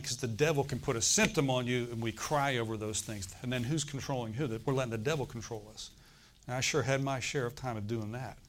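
Preaching in a mid-range voice, this middle-aged man paces his sermon like a storyteller. Hushed, confiding moments give way to abrupt loud proclamations, and he breaks into performed laughter to press his message.

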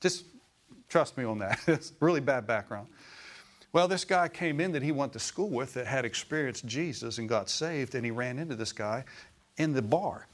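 Storytelling preacher, warm emphatic man. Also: mid-range voice, expressive, moderate pace. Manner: storytelling, rising to emphatic exclamations. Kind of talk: sermon.

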